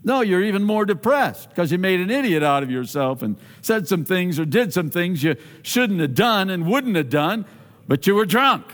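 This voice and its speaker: Guy preaching, fairly high voice, lots of ups and downs, hall echo behind him. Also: normal speed. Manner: animated preaching, acts out quoted voices, big pitch swings. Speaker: pastor. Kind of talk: sermon.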